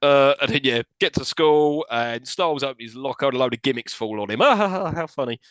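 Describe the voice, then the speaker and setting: A man on a podcast rattles through a film plot at speed, his pitch jumping around as he mimics the characters. His tone is sarcastic and playful. The sound is dry and close, with no room around it. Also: brisk, dry recording. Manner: animated, sarcastic storytelling with voiced quotes. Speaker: podcast co-host. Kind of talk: casual film-recap chat.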